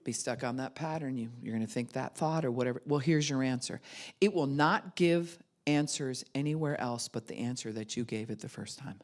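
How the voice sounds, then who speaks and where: Grandmotherly woman preaching with lively storytelling. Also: very deep voice, normal speed. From United States. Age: older. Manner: animated storytelling, acts out voices. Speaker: pastor. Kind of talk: sermon.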